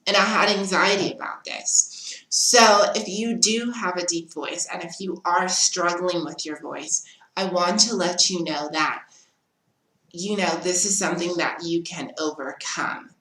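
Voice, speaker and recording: A woman speaks slowly and earnestly to her viewers, giving encouraging advice in a casual vlog. Her voice is bright and forward, and it echoes around the room. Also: lowish voice. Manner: earnest, encouraging, direct to camera. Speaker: vlogger.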